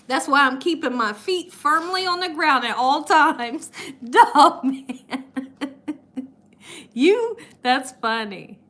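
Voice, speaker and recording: A woman hosting a live cooking stream, telling stories in a lively way and laughing often. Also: high-pitched, slow. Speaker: cooking channel host. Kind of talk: live-stream storytelling chat.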